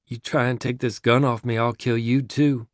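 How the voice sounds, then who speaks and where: A man voicing a grieving, enraged young man with a gun, speaking in a rough rural drawl with his voice cracking. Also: medium pitch, level tone, moderate pace, dry recording, clean studio sound, close to an everyday voice. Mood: bitter.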